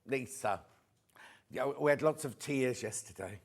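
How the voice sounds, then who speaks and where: A man's voice: mid-range voice, a little slow, slightly rough. A middle-aged man presenting live on a shopping channel, chatting and reading out viewer messages.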